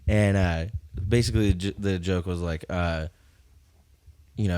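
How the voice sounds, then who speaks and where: A man's voice: sits low, steady tone, moderate pace, darkish tone, clean tone. A young man, a stand-up comedian hosting a podcast, talking in a laid-back, drawling way and swearing casually.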